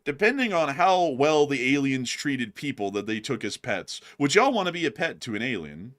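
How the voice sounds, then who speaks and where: A young man in loose livestream banter, his voice bright and a little tense. He rambles, restarts and breaks into laughter, tossing in playful put-on voices along the way. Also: medium pitch, big pitch swings, normal speed. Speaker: co-host.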